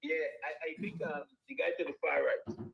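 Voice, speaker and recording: A man's voice: fairly high pitch, normal speed, creaky, slightly rough, highs cut off. A man calling in to a football talk show, speaking hesitantly as he breaks down a play. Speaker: caller. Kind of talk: casual football analysis chat.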